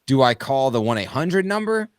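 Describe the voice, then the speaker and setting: A man from the United States co-hosting a panel talk, animated and talking in long run-on thoughts. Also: mid-range voice, moderate pace, no room sound, clean studio sound. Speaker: podcast co-host. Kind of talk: conversational panel discussion.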